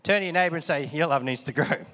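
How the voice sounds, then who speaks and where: Speaking fast in a slightly high, pushed, bright voice, a male pastor preaches a vigorous sermon and calls for the congregation to say the words after him. Long hall reverb surrounds the recording.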